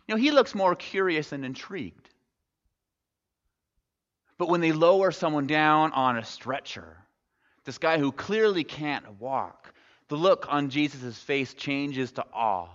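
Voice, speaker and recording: A man's voice: mid-range voice, animated, moderate pace, fairly bright tone. A man preaching a sermon as a pastor, retelling a story conversationally with wry humorous asides. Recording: echoey hall, dull lo-fi sound.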